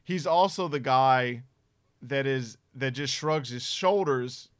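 A man's voice: mid-range voice, takes it slowly, smooth, no room sound, studio quality. A man with a Southern US accent, a podcast guest chatting casually and laughing easily. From Virginia, US. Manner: easygoing, laughing. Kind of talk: casual chat.

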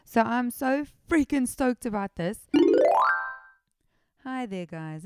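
A South African woman hosting a horror podcast, chatting excitably and often interrupting herself. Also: a little high, takes it slowly, pauses often, over loud music. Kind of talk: casual podcast chat.

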